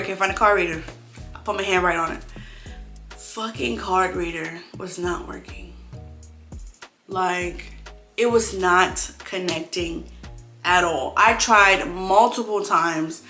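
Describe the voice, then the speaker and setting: A young woman with a bright, forceful voice tells a casual vlog story about her small business, animated and quick to curse as she replays her own frustrations. The room rings with echo, and faint music sits underneath her. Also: mid-range voice. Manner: animated, swears freely, acts out her own frustrated thoughts. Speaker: clothing brand owner vlogging.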